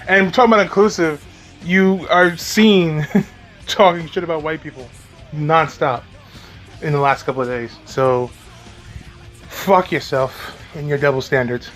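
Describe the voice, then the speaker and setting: A man's voice: on the high side, moderate pace, a bit bright, soft background music. A man giving profane reaction commentary, sarcastic and mocking, with frequent swearing and laughter. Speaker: commentary YouTuber. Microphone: home recording, off camera.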